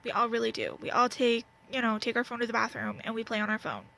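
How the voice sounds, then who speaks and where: A woman's voice: on the high side, expressive, fast talker, creaky, fairly bright tone, low-quality recording. A young woman with a Southern US accent, venting bluntly to camera at home, rambling with lots of fillers. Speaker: vlogger. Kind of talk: candid casual rant to camera. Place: at home, wrapped in a blanket.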